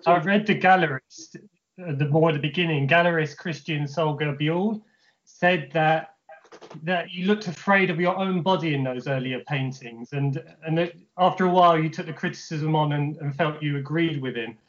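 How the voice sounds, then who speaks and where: A man's voice: a little high, moderate pace, fairly bright tone. Affirming male interviewer, muffled sound. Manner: affirming, many short acknowledgements. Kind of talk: interview questions.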